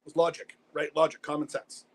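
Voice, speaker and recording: A man with a husky voice talks fast in a casual chat. He jumps in with short, emphatic agreement and finishes points for his co-host. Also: fairly high pitch, monotone.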